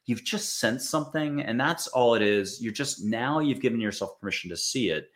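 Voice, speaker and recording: A man's voice: mid-range voice, expressive, moderate pace. A man from the United States giving a casual spiritual talk to an audience, chatty and acting out little quoted voices. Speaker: spiritual speaker.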